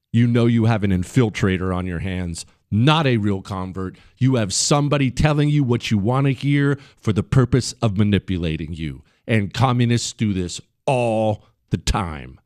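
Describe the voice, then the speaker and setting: Blunt talk-radio host, dry studio sound. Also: male voice, mid-range voice, no echo. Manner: blunt, combative, mocks people in put-on voices; turns quiet and subdued when talking about the fallen. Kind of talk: political talk radio monologue.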